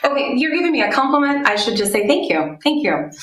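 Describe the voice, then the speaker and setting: Woman doing a high-voiced awkward rambler, nervous, echoey. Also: sing-song, fast, a bit bright. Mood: flustered. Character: awkward, chatty recently divorced woman.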